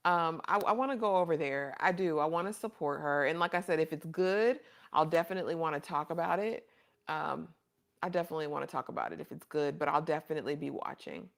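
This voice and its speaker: This woman's voice sits low and comes out fast and creaky. She's hosting a casual livestream, chatting and reading viewer comments, and she calls her viewers honey and baby in an affectionate, chatty manner.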